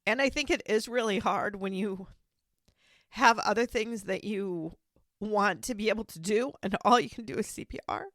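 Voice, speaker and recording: A woman hosting a podcast interview, speaking in a gentle, supportive way. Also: medium pitch, moderate pace, dry recording, clean studio sound. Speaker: podcast host.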